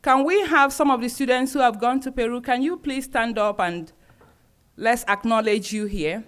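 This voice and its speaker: A woman's voice: on the high side, normal speed, slight background noise. A woman who directs a university's global programs, formally presenting a ceremony with frequent hesitations. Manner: formal, with frequent ums and uhs. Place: university auditorium.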